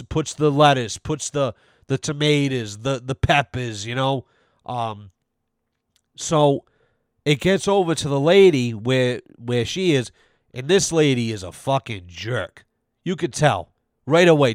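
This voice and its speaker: A man's voice: medium pitch, no echo, studio quality. A man hosting a podcast, telling a long profane story in a rambling way and acting out the people in it. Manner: profane, rambling, acts out quoted voices. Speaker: podcast host. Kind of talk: casual storytelling rant.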